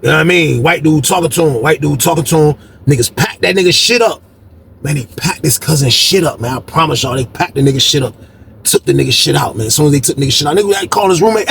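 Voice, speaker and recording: A man telling a story from prison life in a casual, animated way, acting out what people said with sudden jumps in voice. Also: fast, gravelly, a little hiss or hum. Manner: animated, acts out quotes with big pitch jumps.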